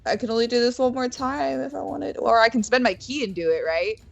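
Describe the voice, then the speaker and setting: A woman's voice: on the high side, brisk, vocal fry. A woman playing a tabletop game, chatting, laughing and thinking aloud about the rules. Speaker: player. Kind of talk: casual play at a gaming table. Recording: dull lo-fi sound.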